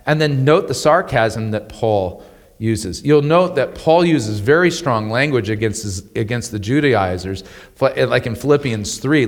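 A man teaching the Bible in a conversational, animated way, often stumbling over and repeating his words and chuckling as he explains. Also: mid-range voice, a little slow, long reverb tail.

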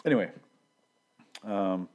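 A man's voice: on the low side, slow pace, a little mellow. A man casually recapping a TV episode, rambling and profane, with dry jokes and frequent restarts. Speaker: show reviewer.

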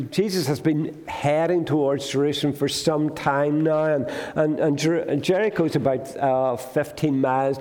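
A man's voice: medium pitch, gravelly, mellow. A male preacher giving a conversational sermon, retelling a gospel story and putting questions to the congregation. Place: church. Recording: long hall reverb.

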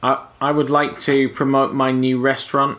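A man co-hosting a podcast, deadpan and hesitant, with lots of ums. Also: medium pitch, moderate pace. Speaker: podcast co-host. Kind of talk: casual podcast chat.

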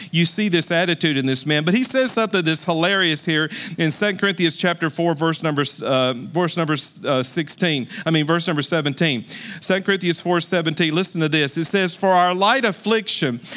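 A middle-aged male pastor preaching a sermon, calling on the congregation to repeat lines after him and lifting his voice on exclamations. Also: a bit bright. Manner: preaching with call-and-response to the congregation; rises in pitch on exclamations.

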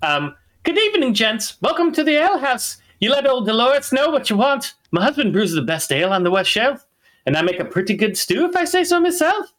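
Tabletop game character: man putting on a jolly dwarf innkeeper woman, pitched way up, bright and welcoming. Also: big pitch swings, fairly quick. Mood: jovial. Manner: chatty, jovial and welcoming. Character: plump friendly female dwarf tavern keeper.

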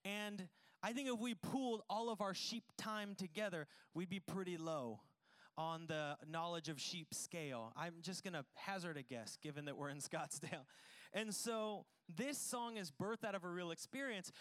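A man preaching a Sunday sermon in a notably high, smooth and resonant voice. He talks earnestly and stacks repeated phrases to press each point home. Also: a bit bright. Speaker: pastor. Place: church in Arizona.

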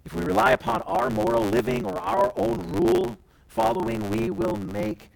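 A male pastor preaching to his church, his voice sitting high for a man and leaping up and down with lively swings of pitch. A strong gravelly fry runs through his words as he moves from loud declarations to near-whispered asides, stopping now and then to act out the voices he quotes. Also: moderate pace, low-quality recording. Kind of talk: sermon.

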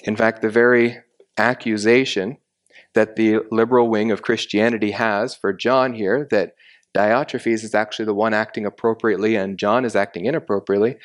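A man with a fairly low voice works through a scripture passage as a teacher. He explains the grammar point by point, in a patient and methodical way. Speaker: Bible teacher. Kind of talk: expository Bible teaching.

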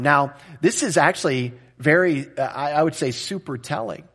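A man's voice: on the high side, normal speed, few pauses, a bit bright, husky. A man preaching an expository sermon as a pastor, talking in a conversational and direct way and often checking in with the listeners.

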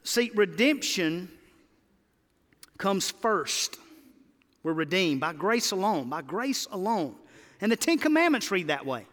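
High-voiced impassioned man preaching in a hall. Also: very animated, slow pace, long pauses, a bit bright. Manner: impassioned, pleading preaching with sudden rises. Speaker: pastor. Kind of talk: sermon.

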